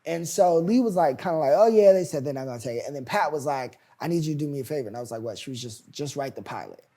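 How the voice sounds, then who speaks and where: A young man in his twenties tells his story in a relaxed interview. He acts out the people he quotes, jumping far up in pitch and volume for their lines. His telling is lively and full of expression. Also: fast. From United States. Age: 20s. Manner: animated, acts out quoted voices loudly. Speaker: playwright and showrunner guest.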